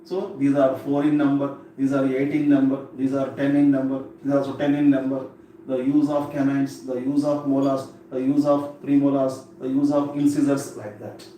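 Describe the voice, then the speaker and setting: A man's voice: mid-range voice, completely flat delivery, moderate pace, mellow. Man teaching exam English in an echoey room. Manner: repetitive, drilling words aloud. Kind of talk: exam-prep lecture. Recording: echoey room from far off with faint noise.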